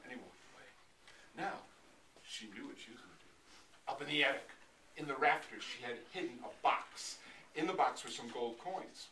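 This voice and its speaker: A man telling a folktale aloud in a lively, dramatic way, swinging between loud and hushed. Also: medium pitch, moderate pace. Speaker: storyteller. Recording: distant, echoey live recording with noise.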